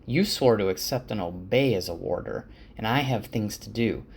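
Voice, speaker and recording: A man's voice: lowish voice, normal speed, creaky, a little hiss or hum. A man voicing a firm, commanding young woman who answers curtly. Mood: cold. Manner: firm, curt.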